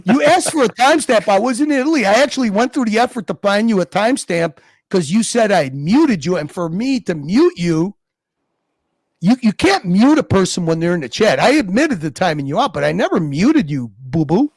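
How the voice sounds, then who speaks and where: A man's voice: high-pitched, very animated, fairly quick, no room sound, clean studio sound. A man hosting a livestream, ranting and mocking people in a heated, profane way. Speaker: livestream host.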